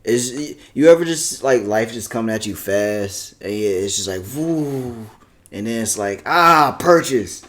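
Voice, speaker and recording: A man's voice: fairly low pitch, animated, unhurried, fairly bright tone. A man co-hosting a casual podcast, talking in a laid-back, rambling, self-mocking way. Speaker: podcast co-host.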